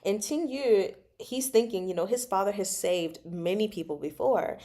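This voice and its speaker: Chatty woman with a mellow voice. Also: medium pitch, moderate pace. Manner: chatty, digressive, laughs often. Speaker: book club host. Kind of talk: casual chat about a novel.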